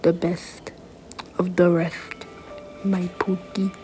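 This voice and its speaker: A woman's voice: fairly low pitch, little pitch movement, slow, warm tone, soft background music. A woman improvising a playful fan dub over an animation, switching between silly character voices and whispered asides.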